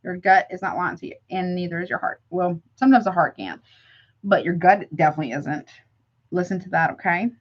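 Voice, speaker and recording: A woman's voice: lowish voice, brisk, lo-fi sound. A woman doing a live tarot reading for her chat viewers, chatty and affectionate, calling them honey between card draws. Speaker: tarot reader.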